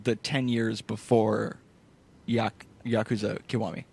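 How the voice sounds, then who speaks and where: Husky man hosting a podcast. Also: fairly low pitch, unhurried. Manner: relaxed, steering the conversation. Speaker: podcast host. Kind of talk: casual chat.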